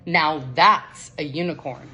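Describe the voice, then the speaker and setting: A woman's voice: low-pitched, slow pace, pushed and bright, slight background noise, heavily acted. A woman voicing a little male gecko who teases bluntly. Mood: teasing. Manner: blunt and teasing.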